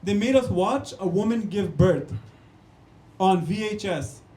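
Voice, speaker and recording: The high-pitched voice of this young Canadian comic has lively intonation and a dark tone, and he keeps a measured pace. In an echoey room he does a punchy club set aimed right at the crowd, calling them "guys" and "man" again and again.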